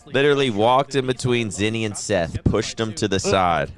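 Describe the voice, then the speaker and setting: A man with a very low voice hosts a stream. He chats casually and tells loose, profane stories. He acts out other people's lines as he goes. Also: a little fast, hardly any pauses. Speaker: streamer host. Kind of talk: casual chat, telling stories.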